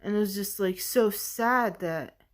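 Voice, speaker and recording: A woman shares a deeply personal story on her vlog at an unhurried pace. She talks in a halting, searching way, filling pauses with "like" and "you know." Her tone is earnest and emotional. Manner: halting and searching, heavy use of "like". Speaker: vlogger.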